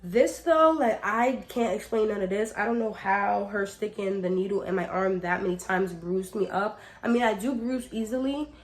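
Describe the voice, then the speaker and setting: Speaking at normal speed with few pauses, a young woman vlogger with a medium-pitched voice, slightly hoarse from a cold, tells a laid-back story. She addresses her viewers as y'all, swears freely, and peppers her chatter with "like."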